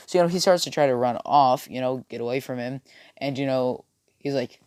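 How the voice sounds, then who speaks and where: A man's voice: mid-range voice, a little fast, darkish tone, clean tone, dry recording, studio quality. A young man casually telling a made-up fan story, with many fillers and restarts. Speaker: video creator. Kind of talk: rambling fan-fiction storytelling.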